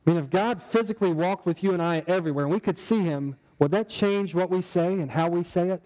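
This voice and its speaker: A man's voice: high-pitched, quick pace, dark tone, long reverb tail, low-quality recording. A man preaching a sermon in a conversational way, asking the congregation rhetorical questions. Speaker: pastor.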